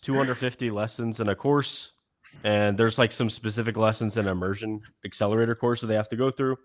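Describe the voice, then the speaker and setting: A man's voice: lowish voice, steady tone, brisk. A man in a panel discussion, casually laying out his coaching program with lots of hesitation. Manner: casual, hesitant, many fillers. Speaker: dating coach.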